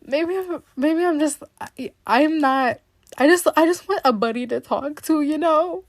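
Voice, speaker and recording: A woman's voice: sits high, a little slow, no echo, clean studio sound. A young woman hosting a podcast, telling stories in a rambling, dramatic way and laughing often. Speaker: podcast host. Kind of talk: casual podcast monologue.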